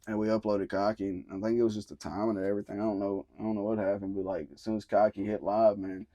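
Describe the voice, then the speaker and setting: A young man with a Southern accent, talking in a relaxed, drawling way as a musician guest in an interview. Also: lowish voice, fast, no echo. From Tennessee. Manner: laid-back, drawling, swears casually. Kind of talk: casual interview chat.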